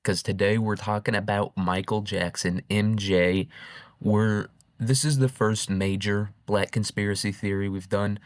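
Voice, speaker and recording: A man's voice: lowish voice, no room sound. A man hosting a show, rambling through a casual, irreverent comic monologue and often laughing. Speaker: podcast host.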